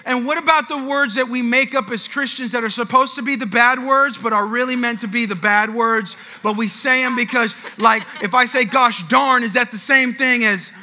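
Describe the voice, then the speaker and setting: A man's voice: extremely high pitch, normal speed, few pauses, pushed and bright. A male pastor telling a chatty story at a church Q&A, with lots of restarts and asides. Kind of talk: sermon-style Q&A at church.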